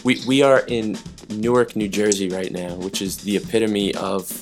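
A man's voice: lowish voice, fairly even intonation, normal speed, faint music behind. A man hosting a podcast from a hotel room, introducing his guest and trading friendly banter. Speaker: podcast host. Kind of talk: casual podcast interview.

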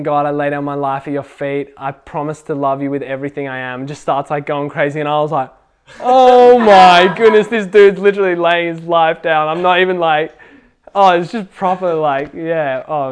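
A young man telling a faith testimony at a casual youth gathering, excitable and full of fillers. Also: fairly high pitch, clear, resonant tone. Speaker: youth group speaker.

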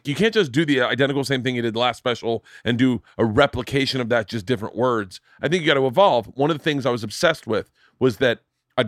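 A man hosting a podcast in casual chat, telling long jokes with lively voices and swearing freely. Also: mid-range voice, no room sound, studio quality. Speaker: podcast host.

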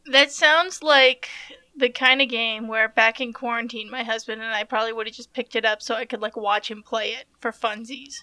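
A woman's voice: on the high side, steady tone, normal speed, bright, forceful tone, no echo. A married woman chatting casually about video games, swearing while hunting for names. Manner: casual, swears when searching for words. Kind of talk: casual chat.

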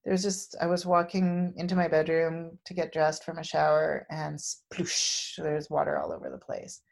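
Gravelly-voiced woman telling a personal story. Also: deep voice, level tone. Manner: candid and emotional, halting with fillers.

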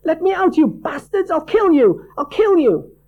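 A man's voice: very high voice, sing-song, normal speed, highs cut off, voice pushed up, full character voice. A man narrating a story voices a terrified young woman screaming frantically in a nightmare. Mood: frantic screaming.

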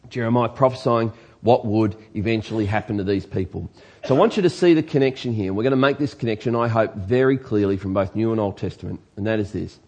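A man's voice: fairly low pitch, fast, darkish tone, highs cut off. A man with an Australian accent, preaching a sermon earnestly and emphatically, asking his congregation rhetorical questions. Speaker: pastor.

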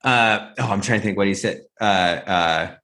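A man's voice: fairly low pitch, moderate pace, sharp tone. A man co-hosting a podcast, chatting casually about films and acting out movie lines in shifting voices. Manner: rambling with frequent fillers. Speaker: podcast co-host. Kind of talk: casual film discussion.

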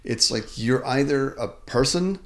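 A man's voice: mid-range voice, animated, measured pace. A middle-aged man co-hosting a podcast, chatting casually about movies, joking and laughing often. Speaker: podcast co-host.

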